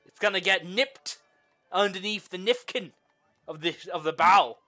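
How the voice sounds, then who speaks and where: A man voicing a cheeky male dwarf shipwright who talks in gruff sailor slang and teases a lot. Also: high voice, lively intonation, measured pace, faint music behind, exaggerated voice. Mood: sly. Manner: gruff sailor talk, teasing, loud.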